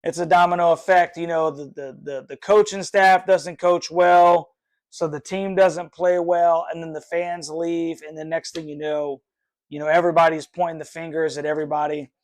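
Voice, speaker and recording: Frustrated fan host, rambling. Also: male voice, a little high, level tone, moderate pace. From North Carolina. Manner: frustrated, rambling, many fillers and sighs. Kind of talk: live sports reaction stream. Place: his room.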